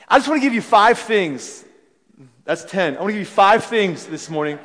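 Young guy pastor, high voice, animated storytelling sermon, big reverb hall. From Philadelphia. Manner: storytelling, animated, acts out voices, self-deprecating laughs.

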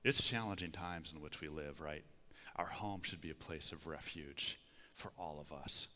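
A man's voice: extremely low pitch, normal speed, sharp tone. A middle-aged man preaching a sermon in a church, folksy and conversational, often checking in with his listeners. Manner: folksy, conversational, frequent "okay?" asides. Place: church sanctuary. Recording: long hall reverb.

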